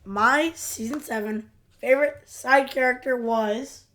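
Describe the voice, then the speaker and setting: A woman co-hosting a podcast, chatting casually in an excitable, affectionate way. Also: on the high side, unhurried, noisy background. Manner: excitable, affectionate fan talk. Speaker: podcast co-host. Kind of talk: casual chat.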